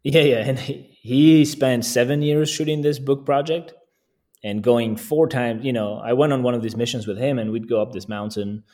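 A man's voice: medium pitch, fairly even intonation, moderate pace, warm tone. A man speaking as a podcast guest in a casual, easygoing way, often chuckling between thoughts. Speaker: guest landscape photographer.

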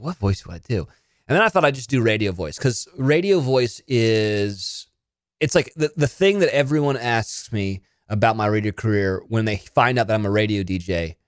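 Animated male podcast host in his thirties, rambling chat from his home studio. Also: medium pitch, no echo. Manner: animated, self-mocking, rambling. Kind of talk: casual solo podcast chat.

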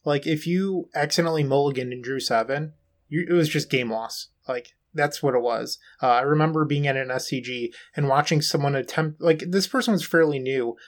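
A man co-hosting a podcast who tells animated stories in casual chat, with frequent "like". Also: on the high side, fairly quick. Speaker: podcast co-host.

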